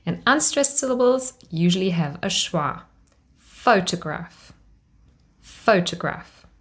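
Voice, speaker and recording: A woman teaching English pronunciation in a clip, stating examples clearly and drawing out words. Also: fairly low pitch, expressive, slow pace, fairly bright tone. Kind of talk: instructional pronunciation video.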